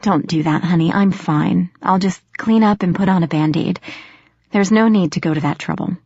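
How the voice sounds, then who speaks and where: A woman reading the part of an injured, dazed mother who gently insists she is fine, in a dull, dry lo-fi recording. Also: fairly low pitch, normal speed, creaky, slightly rough, dry recording. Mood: insistent. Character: hurt, dazed mother brushing off worry.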